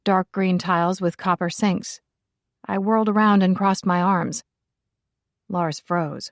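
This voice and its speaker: A woman's voice: on the low side, fairly even intonation, a little slow, long pauses, no echo, clean studio sound. A woman reading a first-person audiobook, with a wry, sassy and sardonic delivery. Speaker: audiobook narrator.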